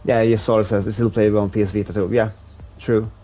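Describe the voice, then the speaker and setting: A man with a hard-to-place accent chatting casually with viewers while streaming a racing game, talking in a relaxed, halting way. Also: fairly low pitch, faint music behind. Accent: hard-to-place non-native English accent. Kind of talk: casual live-stream commentary.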